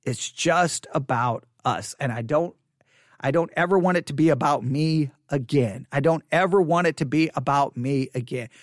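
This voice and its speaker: A man's voice: fairly high pitch, normal speed, dry recording, studio quality. A man preaching as a pastor, speaking candidly and self-deprecatingly, often repeating phrases for emphasis. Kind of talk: sermon podcast.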